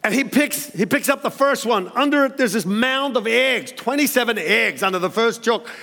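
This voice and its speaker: A man preaching a storytelling sermon, animated and acting out the characters with sudden high exclamations. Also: normal speed, vocal fry. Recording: long hall reverb.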